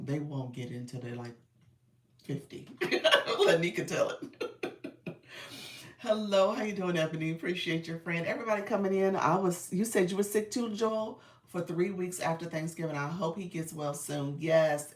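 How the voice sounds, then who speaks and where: A woman's voice: low-pitched, recorded from a distance. Congested woman chatting on a roomy live stream. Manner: chatty, laughs often, addresses viewers as y'all. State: congested, clearing her throat. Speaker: live stream host and creator coach. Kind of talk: casual live-stream chat reading viewer comments.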